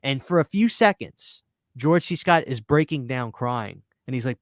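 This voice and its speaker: A mid-pitched man talks fast and loose on a podcast, cursing freely and repeating himself as he gets fired up. The sound is dry and close, with no room around it. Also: no echo. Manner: excitable, swearing, repeats words when worked up. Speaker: podcast host. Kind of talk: casual chat.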